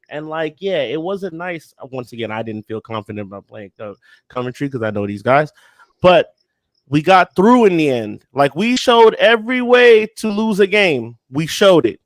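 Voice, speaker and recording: Male co-host, frank fan voice, slightly high, dry mic. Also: lively intonation, normal speed, no echo. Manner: blunt, conversational, hypotheticals to the listener. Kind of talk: casual sports talk.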